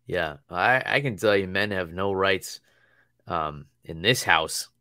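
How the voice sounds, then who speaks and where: Man, thirties, low voice, rambling casual storyteller, frequent laughs, dry sound. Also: slow, bright, forceful tone, dry recording. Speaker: podcast co-host. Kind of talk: casual chat.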